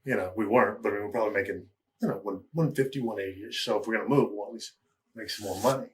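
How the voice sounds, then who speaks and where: A man's voice: on the low side, fast. A man as an interview guest, telling stories in a candid, rambling way with chuckles and plenty of fillers. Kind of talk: casual storytelling interview.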